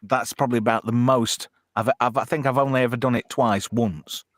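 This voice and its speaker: A man's voice: mid-range voice, fairly even intonation, brisk, no room sound, clean studio sound. A man hosting a casual live-stream chat, swearing a lot and reading out chat comments. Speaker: host.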